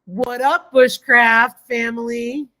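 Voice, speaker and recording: A woman on the high side hosts a casual live stream, her tone steady, pushed and bright as she takes things slowly. She names viewers as she greets them, reads comments aloud, and effusively thanks everyone.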